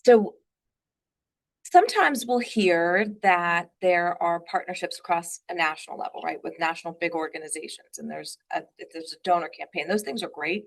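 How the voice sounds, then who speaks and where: A woman hosting a webinar interview over a video call, talking fast and upbeat, with frequent ums and rights. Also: on the low side, creaky. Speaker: webinar host.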